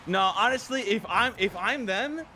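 A young man in casual gaming voice chat, making quick callouts with cocky trash talk and some swearing. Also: high-pitched, sharp tone, slight background noise. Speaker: streamer playing a team match.

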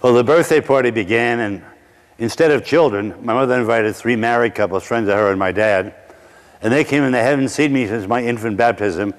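A middle-aged man from Brooklyn, preaching through a personal story with wry asides and slow dramatic pauses. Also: medium pitch, in a large hall. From Brooklyn, New York. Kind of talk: sermon storytelling.

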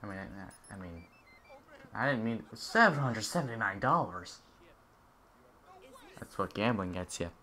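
A man's voice: on the low side, expressive, a little slow, long pauses, bright, forceful tone. Goofy young man narrating gameplay. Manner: goofy, jokey, talks to game characters. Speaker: gameplay commentator. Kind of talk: casual let's-play commentary.

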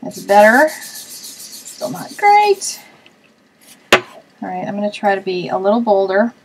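A woman's voice: medium pitch, fairly even intonation, fairly quick, noisy background. A woman hosting a card-making web show, chatting casually and thinking aloud as she works on a live stream.

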